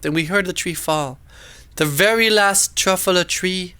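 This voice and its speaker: A man reads a rhyming storybook aloud with a high, bright voice. His delivery is sing-song and dramatic, and his pitch swoops up and down with the verse. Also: unhurried, smooth.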